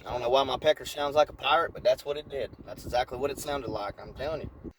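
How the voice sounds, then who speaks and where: A man's voice: medium pitch, fast talker, a little hiss or hum, poor audio. Brash man telling a story in a car. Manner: animated, brash, shifting into voices. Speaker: comedic storyteller. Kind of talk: casual comedic storytelling.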